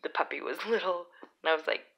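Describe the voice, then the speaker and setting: Chatty young woman with a gravelly low voice. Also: fast, a bit bright, rough recording. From Utah. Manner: chatty, rambling, lots of fillers. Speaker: vlogger. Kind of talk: casual storytelling.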